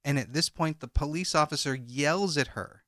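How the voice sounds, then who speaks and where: A man's voice: a little high, moderate pace, sharp tone, dry recording, studio quality. A man co-hosting a true crime podcast, recounting a call transcript and reading out each speaker's lines. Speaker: podcast co-host.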